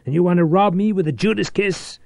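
Guy putting on a wild desperate man, yelling high and loud, gravelly edge. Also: a little fast, dry recording, clean studio sound. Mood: raging. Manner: shouting, frantic.

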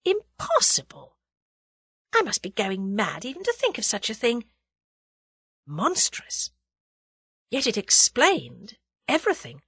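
A woman reading an audiobook, voicing a spirited young woman who exclaims and scolds herself in a high, emotional voice. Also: wildly swooping pitch, measured pace, long pauses, fairly bright tone, breathy edge, dry recording, heavily acted. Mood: shocked.

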